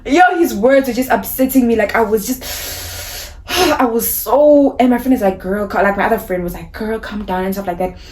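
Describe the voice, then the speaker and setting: Animated young woman vlogger telling a story. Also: fairly high pitch, normal speed. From South Africa. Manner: animated, indignant retelling with quoted dialogue. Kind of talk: storytime vlog.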